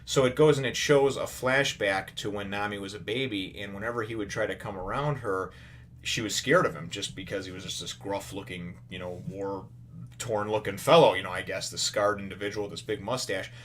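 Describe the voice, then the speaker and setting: A man's voice: on the low side, brisk, a bit bright, a little hiss or hum. A man casually retelling a comic chapter in a review, rambling with lots of "you know" fillers. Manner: retells the story animatedly. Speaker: manga reviewer.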